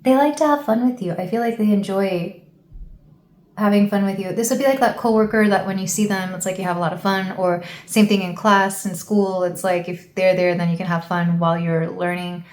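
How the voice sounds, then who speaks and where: A woman from the United States giving a casual tarot reading, rambling and thinking aloud with soft fillers. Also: medium pitch, steady tone, fairly quick, roomy sound. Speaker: tarot reader.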